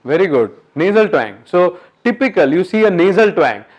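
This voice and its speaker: A man giving an interactive medical lecture at a workshop, quizzing the audience in a coaxing, brisk way. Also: sits high, sing-song, dull audio.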